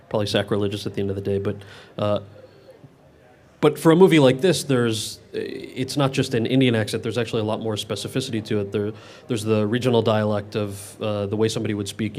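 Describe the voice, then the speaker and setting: A man's voice: fairly low pitch, a little mellow. A male actor answering audience questions at a public Q&A, candid and often restarting his sentences. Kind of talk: public Q&A conversation. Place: event with live audience.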